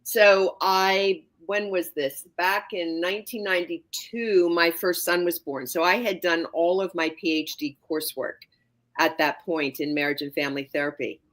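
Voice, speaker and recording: A woman in her sixties speaks as a talk show guest, with a slightly low but bright voice. She explains things in a measured, unhurried way. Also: fairly even intonation. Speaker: guest, psychotherapist. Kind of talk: interview answers.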